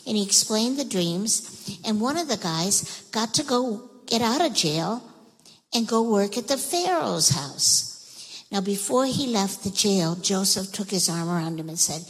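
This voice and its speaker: A woman teaching children, telling a Bible story in a lively, expressive way and talking straight to the kids. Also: mid-range voice, a little slow, slightly rough. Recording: echoey hall reverb.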